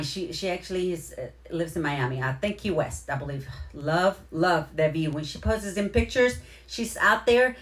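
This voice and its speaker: Livestream host, woman with a low voice, effusive and rambling, repeats her thanks. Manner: heartfelt, near tears at moments. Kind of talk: casual live-stream shout-outs to viewers.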